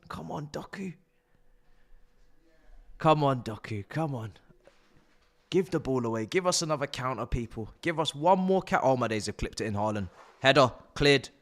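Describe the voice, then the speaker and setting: A young man hosting a live football watch-along, excitable and swearing, shouting at the players. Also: mid-range voice. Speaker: live stream host.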